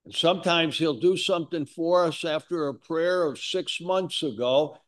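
A man's voice: on the high side, moderate pace. A man preaching a sermon in a folksy, conversational way, with asides to his congregation. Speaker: pastor.

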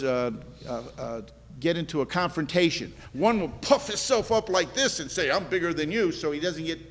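A man's voice: fairly high pitch, big-room sound. A man preaching a sermon to a congregation in an earnest, conversational way, often repeating himself for emphasis. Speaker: pastor.

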